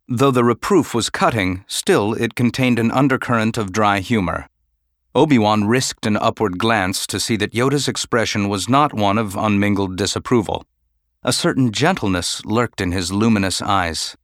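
His voice on the low side, a man narrates an audiobook in a calm, even, measured manner. It's a dry recording with clean studio sound.

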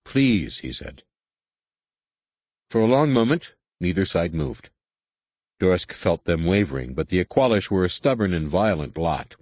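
A male narrator reads a science-fiction novel in a measured, steady way. His voice sits on the low side, and the recording is dry, with no room sound. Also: dry recording. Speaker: audiobook narrator. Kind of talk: scripted narration.

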